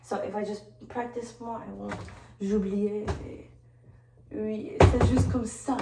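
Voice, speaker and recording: A woman's voice: medium pitch, little pitch movement, a little slow, heavy background noise. Brief: playful woman vlogger with a mixed, partly British-sounding accent, casual chat recorded from a distant camera in an echoey room. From Detroit. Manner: playful, laughs often, switches into French. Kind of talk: casual chat while working.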